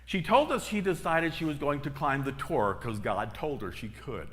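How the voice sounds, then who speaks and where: Middle-aged man, minister preaching, storytelling, emphatic repetition, mid-pitched voice, echoing church hall. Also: animated, moderate pace, fairly bright tone. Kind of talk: sermon. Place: church sanctuary.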